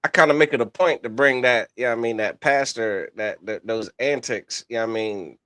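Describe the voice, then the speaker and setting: A man co-hosting a casual podcast, speaking haltingly with frequent restarts and fillers. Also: medium pitch, a bit bright, smooth, dry recording. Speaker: podcast co-host.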